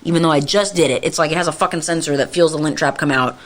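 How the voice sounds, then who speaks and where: Speaking low and very fast, a woman co-hosting a podcast tells a story in casual chat, swearing constantly and venting in exasperation. She acts out lines she once said, her manner a profane, fed-up rant.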